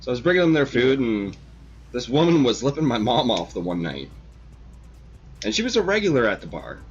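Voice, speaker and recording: A man telling stories with lots of swearing, his pitch swinging up and down as he acts out the moments. The sound is dull and lo-fi, like a home stream recording. He hosts the chat in a loose, casual way. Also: fairly quick, soft background music. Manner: profane, animated storyteller. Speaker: host of a model-building stream.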